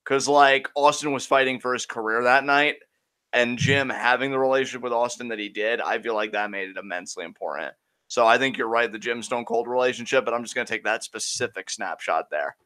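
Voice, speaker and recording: Bright-voiced joking young man. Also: medium pitch, a little fast. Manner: joking, laughs often, playful. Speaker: co-host. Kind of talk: casual podcast chat.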